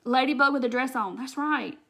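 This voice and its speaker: A woman's voice: sits high, a little fast, vocal fry, bright, forceful tone. A woman hosting a live crafting demonstration, chatting directly to her viewers and answering their comments as she works. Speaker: craft tutorial host.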